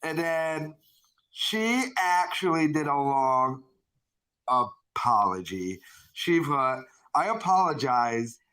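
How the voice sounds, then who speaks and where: Male co-host, bright and sharp tone, slightly high pitch, dry wry delivery. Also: slow, clear, resonant tone, poor audio. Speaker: podcast co-host. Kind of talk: reading out posts in casual chat.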